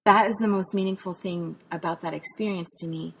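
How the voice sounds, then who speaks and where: A woman's voice: on the low side, fairly even intonation, a little fast, creaky, slightly rough. A woman from Texas, a podcast host and spirituality author, earnestly tells a personal faith testimony in a reflective way. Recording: long hall reverb.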